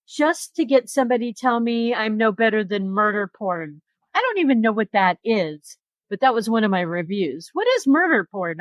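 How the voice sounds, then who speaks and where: A woman's voice: mid-range voice, no echo. A woman true crime podcaster speaking candidly in a roundtable discussion, asking herself questions as she goes. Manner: candid, animated, self-questioning.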